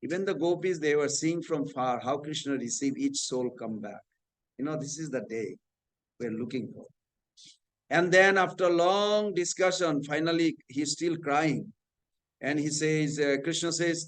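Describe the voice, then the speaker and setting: A man's voice: on the high side, unhurried, rough recording. A man leading a scripture class, telling a devotional story and acting out its dialogue.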